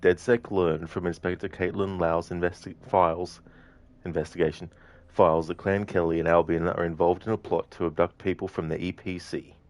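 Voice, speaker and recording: A man's voice: low-pitched, flat delivery, moderate pace. A young man streaming a video game, chatting with viewers and reading chat in a giggly, chatty way. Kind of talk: live gameplay stream chat.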